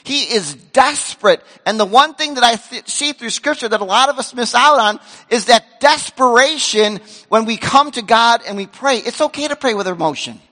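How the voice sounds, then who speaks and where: A man preaching a sermon as a pastor, animated and emphatic, acting out the voices of the people he describes. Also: extremely high pitch, moderate pace, hardly any pauses, long reverb tail. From grew up in a Korean church community. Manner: animated, acts out quoted voices, shouts for emphasis. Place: church sanctuary.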